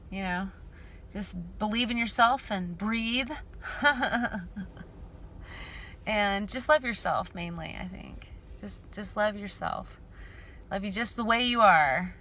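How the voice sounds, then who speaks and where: A woman chatting slowly to her viewers in a casual vlog. Her voice is bright and clear, and she rambles in a heartfelt, affectionate way, pausing often and filling gaps with "um" and "you know.". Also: mid-range voice, a little hiss or hum. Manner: rambling, heartfelt, with frequent pauses and fillers. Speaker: dystonia awareness vlogger. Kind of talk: casual personal vlog talk. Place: car.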